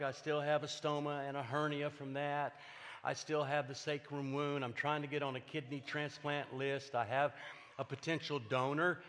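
An older man, a pastor, speaks in a fairly high, slightly bright voice, preaching his personal testimony earnestly and emphatically with repeated phrases. It's recorded in a church sanctuary with hall reverb.

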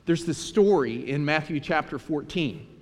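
A man preaching a sermon, his voice sitting a little high. He tells scripture and childhood stories in an animated way. A long hall reverb trails his words. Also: normal speed. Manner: storytelling, animated retelling of scripture. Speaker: pastor.

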